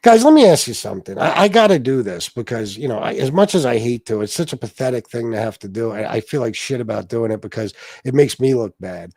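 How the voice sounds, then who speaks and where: A man's voice: mid-range voice, expressive, quick pace, hardly any pauses, darkish tone, no room sound, clean studio sound. A man hosting a livestream, ranting profanely and aggrieved at his viewers. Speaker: livestream host.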